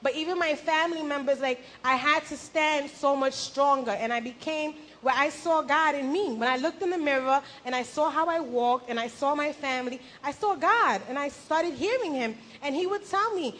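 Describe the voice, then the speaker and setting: A young woman giving an animated personal faith testimony at a church gathering, acting out her own past words and laughing at herself. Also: sits high, normal speed, hardly any pauses, slight background noise.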